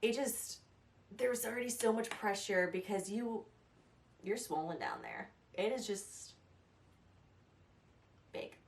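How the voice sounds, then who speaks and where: A woman's voice: mid-range voice, big pitch swings, slow, gravelly, long pauses, a little hiss or hum. Chatty young woman in an echoey room. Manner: chatty, rambling, laughs at herself. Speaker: vlogger. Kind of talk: casual advice vlog. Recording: echoey room, a little distant.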